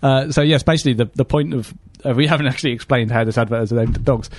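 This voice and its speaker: A man's voice: mid-range voice, fairly even intonation, fast talker, a little mellow, a little hiss or hum. A man co-hosting a podcast, chatting casually and rambling with jokes and lots of fillers. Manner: rambling, joking, many fillers. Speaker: podcast co-host. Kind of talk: casual comedic chat.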